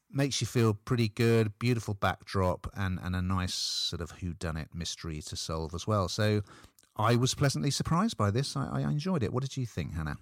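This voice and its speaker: A man with a very low voice chats through a TV review in an upbeat way. His voice is recorded close and dry, with no room sound. He laughs easily between points. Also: no room sound. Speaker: TV review presenter. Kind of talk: casual TV review chat.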